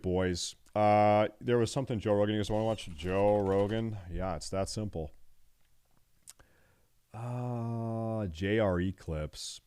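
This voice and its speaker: A man streaming live and reacting to videos in a loud, joking, profane way. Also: on the low side, normal speed, no echo, clean studio sound.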